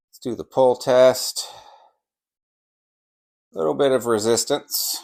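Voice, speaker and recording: A man hosting a barbecue vlog, slicing and tasting brisket, enthusiastic and sometimes talking with his mouth full. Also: medium pitch, fairly even intonation, gravelly, a little mellow. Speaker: barbecue channel host. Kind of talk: casual cooking vlog while slicing and tasting.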